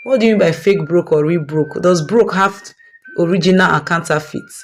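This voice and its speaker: A woman's voice: on the low side, moderate pace, faint music behind, lightly acted. A woman voicing a stressed father. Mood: weary. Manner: weary, pleading, exasperated. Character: stressed middle-aged rich husband, now broke.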